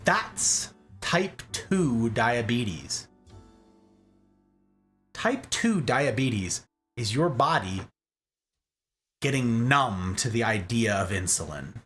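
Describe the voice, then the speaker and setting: A man hosting a casual explanatory chat, jokey and animated, often checking in with "okay?". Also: medium pitch, very slow, pauses often, soft background music. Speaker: host.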